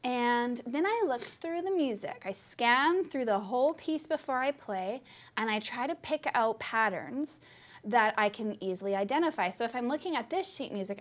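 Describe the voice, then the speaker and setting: A woman's voice: high voice, animated, normal speed. A woman giving a live piano lesson, explaining in an upbeat, chatty way. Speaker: piano teacher. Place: studio with piano.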